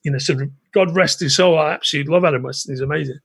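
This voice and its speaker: A British man hosting a podcast, telling a long anecdote in an animated way with lots of restarts. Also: fairly high pitch, rapid-fire, creaky, breathy edge, dry recording. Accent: British English. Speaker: podcast host. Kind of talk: casual storytelling chat.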